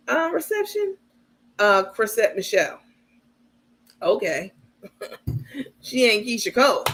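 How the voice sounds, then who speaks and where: A woman with a mid-pitched voice hosts her own livestream and comments casually on people she follows. She is blunt and outspoken and drops in a curse now and then. She often turns to her viewers to speak to them directly. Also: fairly bright tone. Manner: addresses viewers as "baby" and "you guys". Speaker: livestream host.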